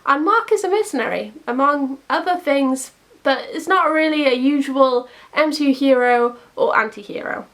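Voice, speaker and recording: High-voiced young woman, chatty commentary. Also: normal speed, fairly bright tone. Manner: chatty and opinionated, laughs at her own jokes. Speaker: YouTuber. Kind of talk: casual commentary.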